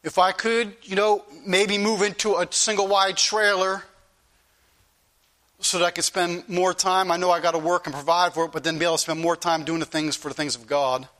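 A man's voice: high voice, flat delivery, normal speed, bright, forceful tone. A male pastor preaching an earnest, repetitive sermon that rises into pleading questions to his congregation.

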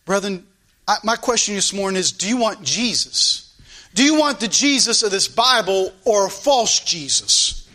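A man's voice: sits high, lively intonation, moderate pace, pushed and bright. A man preaching a sermon to his congregation, fervent and repetitive, stretching out key phrases for emphasis. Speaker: pastor.

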